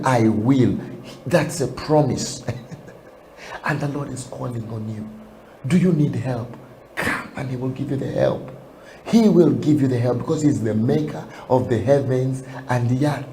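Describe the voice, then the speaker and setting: Earnest male TV preacher, mellow voice. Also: mid-range voice, gravelly, a little hiss or hum. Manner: earnest, repeats words, rises loud and excited toward the song. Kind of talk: sermon and prayer. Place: TV studio.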